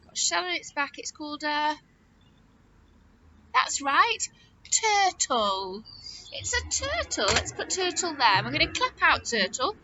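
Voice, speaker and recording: A woman's voice: sits high, very animated, measured pace, long pauses, bright, forceful tone, highs cut off, slight background noise. A middle-aged woman teaching a phonics lesson to young children, coaxing them with sing-song questions and repeated rhymes.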